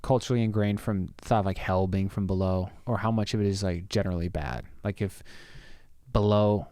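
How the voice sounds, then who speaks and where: A man's voice: deep voice, steady tone, a little fast, mellow, dry recording. A man co-hosting a podcast in casual chat, playful, asking lots of questions and laughing often. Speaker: podcast co-host.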